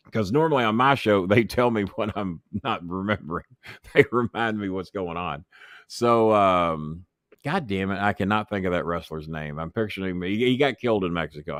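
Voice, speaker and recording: A deep-voiced man, once a wrestling manager, tells backstage stories as an interview guest, cursing freely and performing the voices of the people he quotes. The recording is studio quality with no room sound.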